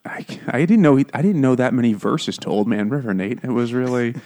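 Animated man in casual book chat. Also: mid-range voice, a little fast, background noise. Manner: animated, emphatic, slips into mock voices for quotes. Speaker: podcast co-host discussing a book.

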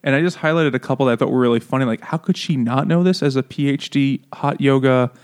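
A man's voice: mid-range voice, clean tone. Laughing, mocking man on a podcast. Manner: laughing, mocking, does quick silly voices for quotes. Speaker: podcast co-host. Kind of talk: casual chat.

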